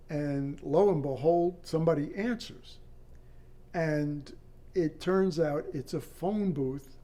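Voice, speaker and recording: An older man, a former air traffic controller, recounting a personal story in an interview, halting and matter-of-fact. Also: a little high, mellow.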